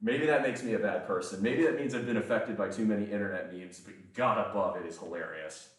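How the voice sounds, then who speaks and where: A man's voice: on the low side, fast talker. A man chatting casually on a livestream, rambling and profane, often breaking into laughter. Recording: echoey room, voice far from mic.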